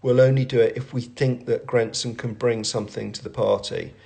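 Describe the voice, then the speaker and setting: Gravelly middle-aged man rambling on a live stream. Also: mid-range voice, fairly even intonation, brisk, darkish tone. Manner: rambling, self-deprecating, chatty with many fillers and restarts. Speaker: brand owner and creative director hosting a live Q&A. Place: at home, with family in the room.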